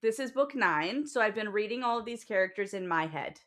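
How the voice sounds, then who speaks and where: A woman co-hosts a podcast, chatting casually about books. Her medium-pitched, fairly bright voice is expressive and a little fast, and she rambles with lots of fillers, restarts and some swearing.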